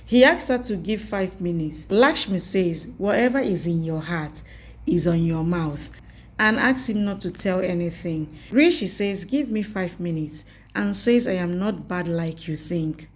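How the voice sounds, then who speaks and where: Woman, scripted recap narration, unhurried, somewhat low pitch. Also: lively intonation. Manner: plain reading of dialogue as reported speech. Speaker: narrator of series episode recaps.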